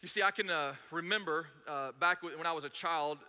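A man's voice: fairly high pitch, brisk, sharp tone, clean tone. A man from North Georgia preaching a sermon, telling stories conversationally with frequent fillers. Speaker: pastor. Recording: long reverb in a large hall.

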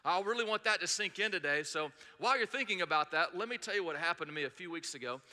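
Bright-voiced pastor preaching in a hall. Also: male voice, high voice, animated, quick pace. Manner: earnest, storytelling, emphatic repetition. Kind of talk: sermon. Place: church sanctuary. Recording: long reverb of a large hall.

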